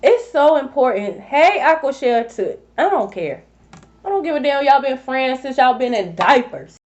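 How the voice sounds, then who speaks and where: A woman's voice: high-pitched, big pitch swings, normal speed, darkish tone. A woman giving a collective tarot reading, blunt and profane, repeating her points for emphasis. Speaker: tarot reader. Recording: dull lo-fi recording.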